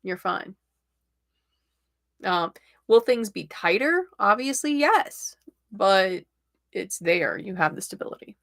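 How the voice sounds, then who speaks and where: Middle-aged woman, casual stream host; slow, rambling delivery with a gravelly edge. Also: mid-range voice, expressive, fairly bright tone, dry recording, clean studio sound. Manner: chatty, rambling, laughs often. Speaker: tarot reader and livestream host. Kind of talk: casual livestream chat.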